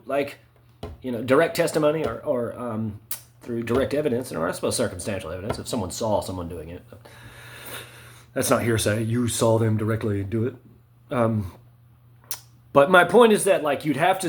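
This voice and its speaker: A man in a rambling monologue, full of "right?" and "you know" fillers, swinging between low mutters and sharp emphatic spikes.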